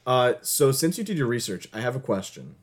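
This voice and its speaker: Male co-host, mid-pitched voice, dry self-deprecating jokes, chatting over a voice call. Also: a little fast. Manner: joking, self-deprecating, deadpan bits. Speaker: podcast co-host. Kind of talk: casual chat over voice call. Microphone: voice call mic.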